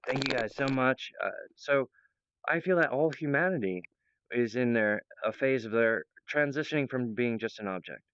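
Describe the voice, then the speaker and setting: A man's voice: mid-range voice, expressive, normal speed, a bit bright, clear, resonant tone, no echo, lo-fi sound. A man talking earnestly and meandering to his viewers about his project, with many fillers and restarts. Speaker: presenter of his own project. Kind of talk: rambling monologue to viewers.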